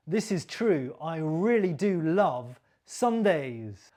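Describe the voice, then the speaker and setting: A woman teaching English pronunciation, modelling sounds and sentences slowly and clearly for learners to repeat, with encouraging praise. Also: low-pitched, big pitch swings, mellow. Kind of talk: slow, clearly articulated pronunciation lesson.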